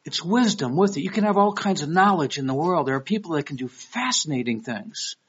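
A middle-aged Detroit pastor from Michigan preaches a sermon in a conversational, storytelling style, bringing lively quoted voices into it. His husky voice sits on the high side and moves a little fast. The recording is dull and lo-fi.

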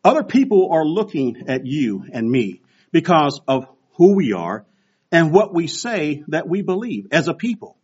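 This sixty-something pastor speaks at a measured pace in a fairly high, slightly rough voice. His sermon is built on storytelling, with quoted voices performed in an animated way, and it comes through a dull lo-fi recording.

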